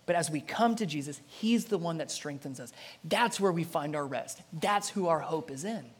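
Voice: mid-range voice, animated, moderate pace, breathy edge. Dramatic preacher delivering a sermon. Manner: dramatic preaching that swings from loud to soft. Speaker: pastor.

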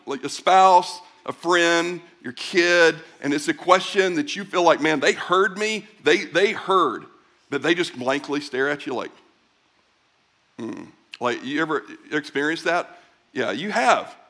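Middle-aged guy preaching, chatty and lively, voice sits a bit high, acts out bits of dialogue. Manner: conversational, animated preaching with acted-out voices. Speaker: pastor. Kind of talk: sermon.

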